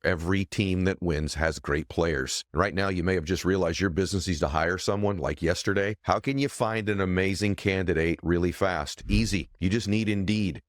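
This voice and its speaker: A middle-aged man hosting a podcast, talking in an energetic, emphatic motivational way, reading ads and asking questions. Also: low voice, no echo, clean studio sound. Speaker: podcast host. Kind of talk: podcast interview and ad reads.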